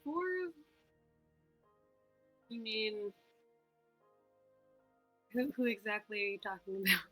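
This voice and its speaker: A woman's voice: mid-range voice, slow, sharp tone, faint music behind, poor audio. A woman playing a tabletop game, talking casually in an offhand, shrugging way. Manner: offhand, shrugging, laughs easily. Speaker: player. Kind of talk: casual game play chat.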